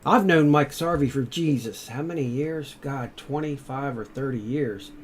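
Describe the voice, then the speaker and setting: A man's voice: mid-range voice, normal speed, husky. A middle-aged man chatting casually, telling rambling stories, swearing freely. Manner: storytelling, swearing freely, rising loud when excited. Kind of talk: casual chat.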